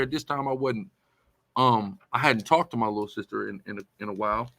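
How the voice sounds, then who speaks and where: A man's voice: fairly high pitch, fast talker, sharp tone, no room sound. Guy preaching, emphatic, keeps repeating himself, dry close sound. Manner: emphatic, repetitive, conversational. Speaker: religious teacher. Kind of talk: preaching-style commentary.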